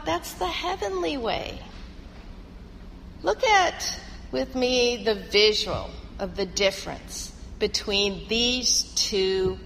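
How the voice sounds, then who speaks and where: A woman's voice: a little high, a bit bright, long reverb tail, slight background noise, poor audio. A woman pastor preaching a sermon and leading prayer, telling a story with earnest, rhythmic phrasing in a church.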